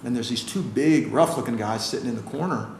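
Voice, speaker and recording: American man, chiropractor guest, gravelly voice, lively storyteller, roomy echo, faint background noise. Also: medium pitch, brisk. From United States. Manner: animated storyteller, acts out quoted voices. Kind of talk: casual storytelling interview.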